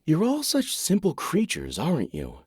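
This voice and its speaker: A man's voice: fairly high pitch, huge pitch swings, moderate pace, slightly rough, no echo, studio quality, voice pushed up, exaggerated voice. A man voicing a playful, teasing young woman neighbor in an audiobook. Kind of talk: audiobook character voice.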